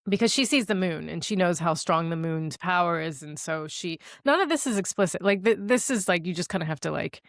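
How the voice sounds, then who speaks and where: A woman with a lowish voice cheerfully recaps a film plot for her co-host, slipping into quick impressions of the characters. The audio is dry and close, with no room sound. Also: no room sound. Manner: animated storyteller, acting out characters' lines, laughing often. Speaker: podcast co-host. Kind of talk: casual film recap chat.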